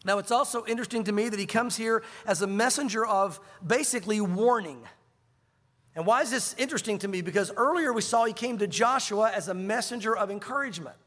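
High-voiced preacher in an echoing hall. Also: male voice, fairly quick. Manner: animated storytelling, acts out quoted voices. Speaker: pastor. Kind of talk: sermon.

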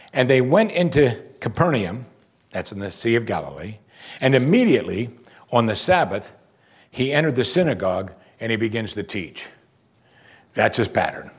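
A man preaching verse by verse through a Bible passage, animated, breaking off to act out the people he quotes. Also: lowish voice, slightly rough. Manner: animated, acts out quoted voices.

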